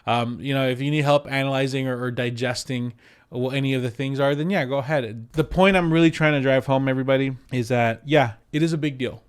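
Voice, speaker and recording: Smooth-voiced man giving animated advice. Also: medium pitch, fairly quick. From United States. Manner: animated, repeats words for emphasis, acts out quotes. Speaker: real estate agent. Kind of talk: casual advice talk to camera.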